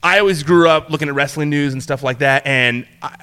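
A young man telling a wild story in a relaxed chat, his voice bright and sitting a bit high for a man. He stumbles through restarts and fillers and jumps up in pitch whenever he acts out what someone said. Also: a little fast, smooth. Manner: animated storyteller, acts out quotes in a higher voice, many fillers and restarts. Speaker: podcast guest, former entertainment reporter.

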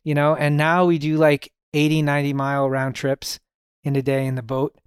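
A middle-aged man, a podcast guest, telling stories in a relaxed way and often saying "you know". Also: on the high side, moderate pace, smooth, dry recording, clean studio sound. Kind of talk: casual storytelling conversation.

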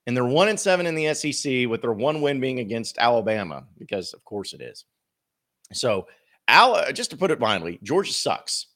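A male sports podcast host talking in a casual, blunt way. His pitch swings widely as he fires off rhetorical questions. His delivery is emphatic and opinionated. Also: very animated, moderate pace, a bit bright.

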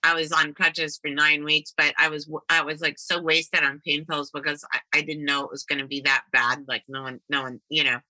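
A woman hosting a casual chat, telling her own story in a halting, chatty way. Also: low voice, level tone, bright, forceful tone, no room sound, low-quality recording. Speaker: host and musician.

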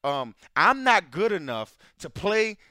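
A man hosting a casual sports chat, arguing his point with slow, deliberate stresses. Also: high-pitched, very animated, pushed and bright, dry recording, studio quality. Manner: argumentative, drawn-out pauses for effect. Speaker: show host.

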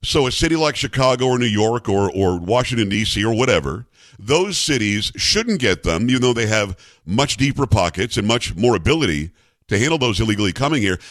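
A man hosting a political commentary show, talking in a sarcastic, animated way. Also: mid-range voice, dry recording, clean studio sound. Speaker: talk show host.

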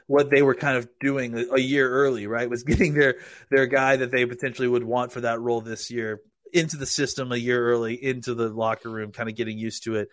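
A man's voice: medium pitch, level tone, brisk, no room sound, studio quality. A man analyzing football in casual podcast talk, rambling with frequent restarts.

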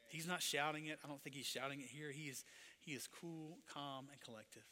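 A man preaching a sermon. He moves between hushed storytelling and loud, impassioned passages. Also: a little high, fairly quick, big-room sound. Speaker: pastor.

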